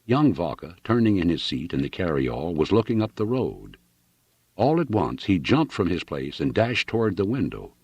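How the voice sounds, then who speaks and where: A man narrates a novel with a deep, husky voice and a lively, swinging delivery. He tells the story dramatically, and the recording is close and dry. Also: moderate pace, no echo. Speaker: audiobook reader.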